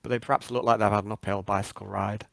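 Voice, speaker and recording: Hesitant low-voiced game master man. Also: level tone, quick pace, gravelly, a bit bright, no room sound. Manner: hesitant, many fillers. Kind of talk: narrating a tabletop game.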